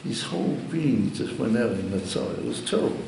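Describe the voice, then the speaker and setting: A rabbi tells stories to a gathering in a gravelly, mid-pitched voice that wanders and often restarts. He is picked up from across an echoing hall with a long reverb tail. Faint room noise sits underneath. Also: sing-song. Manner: halting, meandering storyteller with many restarts. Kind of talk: storytelling talk to a gathering. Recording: echoey hall recorded from far off.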